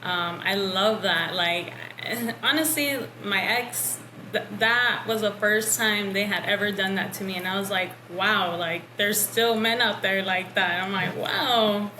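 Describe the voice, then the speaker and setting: A woman with a Texan accent, a podcast guest, talking casually and quickly with lots of "like"s and some laughter. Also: mid-range voice, sharp tone. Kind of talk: casual chat. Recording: echoey room with faint noise.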